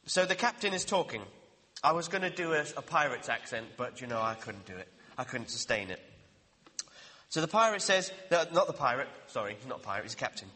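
Preacher, male, bright lively voice, earnest sermon, reverberant hall. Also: mid-range voice. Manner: earnest, questioning, slows down for emphasis.

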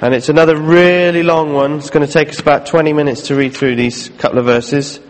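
A man's voice: on the high side, steady tone, brisk, big-room sound. A man preaching a sermon in a conversational way, with jokey asides between readings. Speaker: pastor.

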